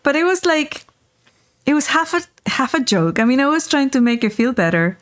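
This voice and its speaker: Here a spiritual teacher, a woman guest with a high voice, relates a story at a moderate pace. Her telling is lively: she performs the dialogue she quotes and keeps asking "right?" as she goes.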